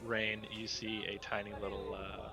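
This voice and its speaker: A man narrating as game master in a relaxed, chatty way. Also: lowish voice, moderate pace, crowd noise.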